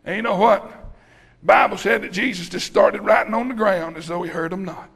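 High-voiced preacher shouting. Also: male voice, fairly quick, gravelly, husky. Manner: folksy, rousing, often shouting. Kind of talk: sermon.

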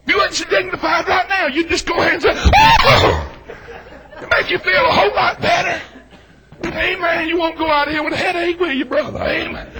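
A middle-aged man with a Southern US accent preaching a fiery, folksy sermon, shouting and whooping with exclamations. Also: extremely high pitch, fairly even intonation, quick pace, very noisy. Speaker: Baptist preacher. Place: church sanctuary.

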